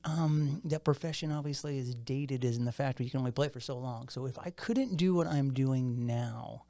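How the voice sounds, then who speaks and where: This podcast host, a man in his fifties, has a mid-range, dark-toned voice and talks at a moderate pace. He chats casually and playfully into a studio microphone, joking and laughing often.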